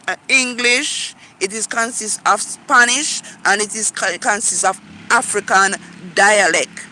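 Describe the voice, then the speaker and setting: A man's voice: extremely high pitch, pushed and bright, low-quality recording. A Jamaican man giving a casual spoken history tour to viewers, rambling along with frequent restarts and direct asides. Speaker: tour guide vlogger.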